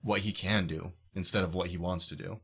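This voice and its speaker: A young man in a loose podcast chat, his voice on the low side. He rambles, swears a lot and makes sarcastic jokes. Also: fairly even intonation, fairly quick, vocal fry, a bit bright, husky.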